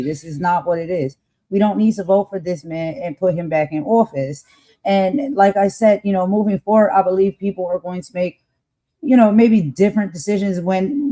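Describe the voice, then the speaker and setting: Mellow-voiced woman, slangy political talk. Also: medium pitch, poor audio. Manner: conversational, emphatic, slangy. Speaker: co-host of a political talk show. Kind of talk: casual political commentary.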